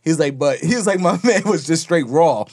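A man's voice: fairly high pitch, animated, moderate pace, a little mellow, dry recording. A man in casual chat, telling a story and acting out quotes with frequent laughs.

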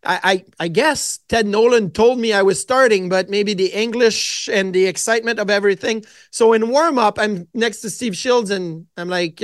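A man, a podcast guest telling lively anecdotes with frequent restarts. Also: sits high, dry recording, clean studio sound. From Quebec, Canada. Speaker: guest, former goaltender. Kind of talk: casual storytelling interview.

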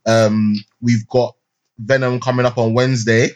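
A man's voice: mid-range voice, little pitch movement, a little slow, clear, resonant tone. A young man chatting on a podcast about a film he just saw. He rambles, restarts his sentences and leans on street slang, in an ordinary mid-range voice. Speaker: podcast co-host. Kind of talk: casual chat, film review. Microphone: remote call mic.

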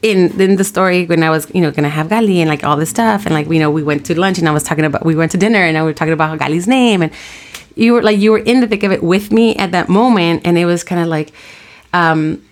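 Woman, thirties, podcast co-host, lowish voice, fast talker, rambling storyteller. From Latin American heritage. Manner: rambling storyteller, acts out both sides. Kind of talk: casual chat.

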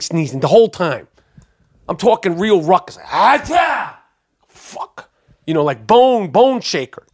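A man hosting a podcast, rambling through a story with plenty of swearing and worked-up asides. His voice sits a little high for a man. It comes across dry and close on the microphone. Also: no echo. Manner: rambling, profane, excitable storytelling. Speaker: podcast host. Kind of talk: casual storytelling monologue.

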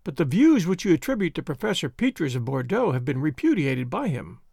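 A man reading aloud and voicing a cool, quick-witted woman doctor who speaks in a dry, composed, gently ironic way. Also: on the high side, sing-song, gravelly, no echo, heavily acted. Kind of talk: audiobook character voice.

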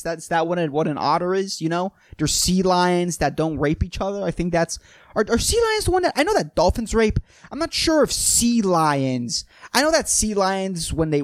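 A man's voice: a little high, no room sound, studio quality. A young man hosting a solo podcast monologue, rambling and swearing, saying "dude" constantly and laughing at his own jokes. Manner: rambling and profane, peppers every sentence with "dude". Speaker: podcast host.

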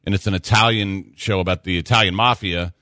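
A man hosting a sports radio show, chatting casually and telling stories with quick asides. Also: low voice, dry recording, studio quality. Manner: animated storyteller, quick asides.

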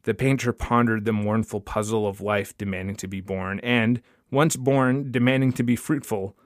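A man's voice: steady tone, moderate pace, no echo. Man reading a story aloud, dry close sound. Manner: voices dialogue by lifting pitch, drops low for tags. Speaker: podcast host reading a short story. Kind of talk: audiobook-style story reading.

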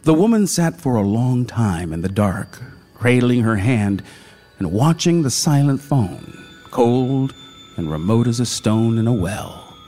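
A man narrating a literary short story in a hushed, dramatic manner. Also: medium pitch, big pitch swings, unhurried, soft background music.

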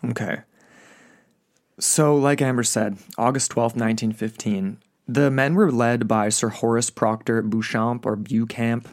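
A man's voice: medium pitch, unhurried. Laid-back man saying "like" a lot. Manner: laid-back, heavy use of "like" and "you know", exclaiming. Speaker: podcast co-host. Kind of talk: casual history podcast chat.

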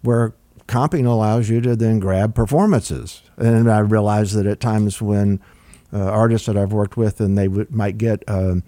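An older record producer, his voice on the low side and free of echo, tells long stories in a conversational interview. He's relaxed and rambling, full of fillers and restarts.

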